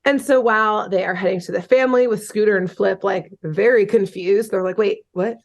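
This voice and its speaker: A woman's voice: medium pitch, brisk, creaky. A woman podcast host casually retelling a cartoon episode, chatty and loose, with lots of "um" and "like" and the odd swear word. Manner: chatty, swearing, many fillers like "um" and "like".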